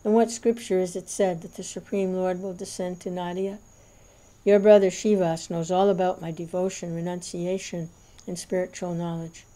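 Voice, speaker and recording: A man's voice: high-pitched, little pitch movement, moderate pace, dark tone, close to an everyday voice. A woman reading the lines of an older male sage overwhelmed with devotion, speaking in fervent, tearful exclamations.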